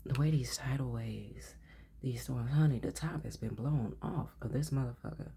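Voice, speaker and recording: A woman's voice: very deep voice, normal speed, dark tone, slight background noise. A woman giving a casual tarot reading, blunt and profane, often dropping into a whisper. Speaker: tarot reader.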